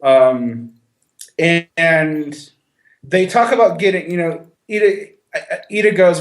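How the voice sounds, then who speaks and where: A man's voice: fairly high pitch, expressive, unhurried, echoey room. A man co-hosting a podcast, chatting casually about a film with many restarts and some laughter. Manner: conversational, with frequent restarts and a little laughter. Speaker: podcast co-host.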